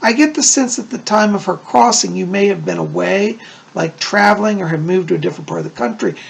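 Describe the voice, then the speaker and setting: Gravelly, husky man with lively pitch. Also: brisk. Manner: chatty, reassuring, often checks in with "okay?". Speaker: psychic medium. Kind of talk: casual video reading.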